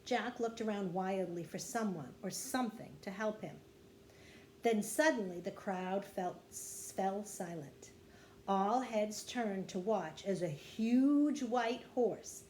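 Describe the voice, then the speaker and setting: A woman, a kindergarten teacher, reading a children's chapter book aloud with expressive storytelling. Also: slight background noise. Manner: expressive storytelling, dropping low after quotes.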